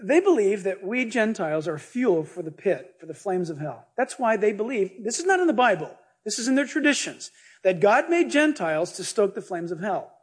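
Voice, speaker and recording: A male pastor preaching a sermon, animated and joking as he retells scripture stories. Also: high voice, moderate pace, husky. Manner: animated, jokey, storytelling preacher.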